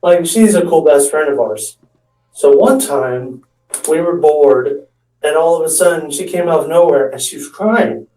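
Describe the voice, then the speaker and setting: A man's voice: a little high, measured pace, warm tone, slight background noise. A man telling a rambling comic story about his friends, with restarts and acting out what others said. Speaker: amateur stand-up storyteller. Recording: echoey room, mic far off.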